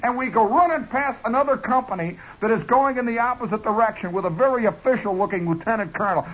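A man telling a comic army story in an animated monologue, chuckling and jumping into voices, on a dull lo-fi recording. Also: sits high, moderate pace, a little hiss or hum.

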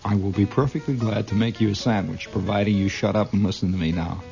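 A man's voice: lowish voice, steady tone, quick pace, gravelly, warm tone, lo-fi sound, faint music behind. A middle-aged man performing a comedy monologue as one side of a conversation, talkative and argumentative, stammering and restarting, with chuckles at his own lines.

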